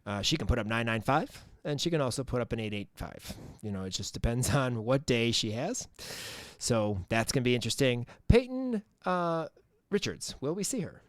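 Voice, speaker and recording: A man's voice: mid-range voice, animated, normal speed, no echo, clean studio sound. A man co-hosting a sports podcast in casual chat, rambling with many fillers and restarts. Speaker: podcast co-host.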